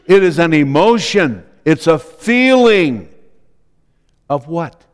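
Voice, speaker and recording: Slow-preaching man in a reverberant church. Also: a little high, sing-song, clean tone. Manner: slow, deliberate preaching with repeated phrases. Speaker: pastor. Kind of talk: sermon.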